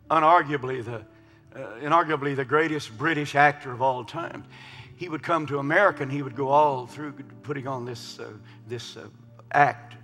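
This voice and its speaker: A man preaching a sermon in a large church, swinging from hushed murmurs to loud shouts. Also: mid-range voice. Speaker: pastor. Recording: long hall reverb with faint music.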